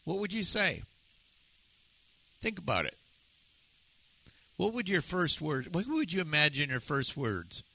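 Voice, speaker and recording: A man preaching a sermon, asking his listeners one rhetorical question after another and turning soft and slow to stress key words. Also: a little high, big pitch swings, creaky, low-quality recording. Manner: asks the audience many rhetorical questions. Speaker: pastor.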